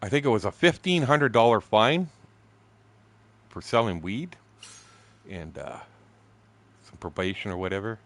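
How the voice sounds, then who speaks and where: A man's voice: lowish voice, lively intonation, measured pace, pauses often. A man in his sixties, a gaming streamer telling a crude, profane anecdote in a casual, chuckling way. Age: 60s. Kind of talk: casual storytelling while streaming.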